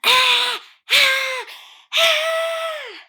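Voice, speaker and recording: A woman voicing a loud, demanding little girl in a children's storybook, with shrieking yells. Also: extremely high pitch, very slow, voice pushed up, heavily acted. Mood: yelling.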